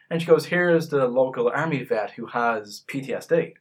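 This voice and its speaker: A man co-hosting a casual gaming chat, telling stories with lively acted-out quotes. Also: moderate pace, hardly any pauses, breathy edge. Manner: animated storyteller, acts out quotes in a higher voice. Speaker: podcast co-host.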